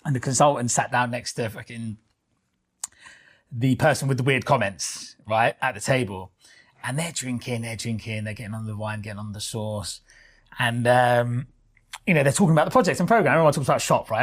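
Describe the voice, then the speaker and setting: A man's voice: medium pitch, a little fast. Chatty man telling a story. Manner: animated storytelling, swearing, many fillers. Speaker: podcast co-host. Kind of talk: casual storytelling chat. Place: studio.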